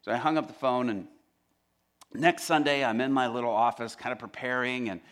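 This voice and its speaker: A male pastor telling a story in a sermon, animated and acting out every character's lines. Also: mid-range voice, brisk.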